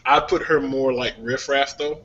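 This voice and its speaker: A man on a casual music talk show, airing strong views about artists with lively energy. His tone is bright and forceful, and the recording sounds dull and lo-fi. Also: mid-range voice, moderate pace. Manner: opinionated, animated, laughs often. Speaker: podcast co-host.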